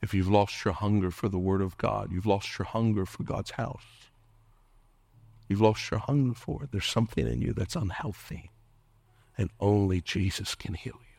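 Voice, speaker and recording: Impassioned middle-aged male pastor, low voice. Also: normal speed, gravelly, breathy edge, dry recording. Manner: impassioned preaching, dropping at times to a hushed whisper; calls out to the congregation for responses. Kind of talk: sermon.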